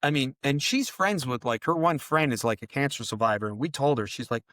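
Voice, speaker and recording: A middle-aged man tells his story in a rambling, heated way, swearing often as he speaks. His voice sits at an ordinary pitch. The recording is dry and close, with no room echo. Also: fairly quick, fairly bright tone. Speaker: bereaved father and podcast guest. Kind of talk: emotional interview storytelling.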